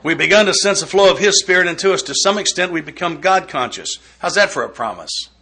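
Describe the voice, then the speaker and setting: A man's voice: high voice, animated, brisk, pushed and bright, slightly rough. A man giving a recovery step study talk, folksy and joking in a conversational way. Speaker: workshop speaker.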